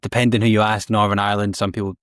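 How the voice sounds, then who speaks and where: A man's voice: on the low side, little pitch movement, very fast, a bit bright, no room sound, clean studio sound. A man with a Scottish accent hosting a podcast interview, chatty and hedging his points with fillers. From East Coast of Scotland. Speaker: podcast host.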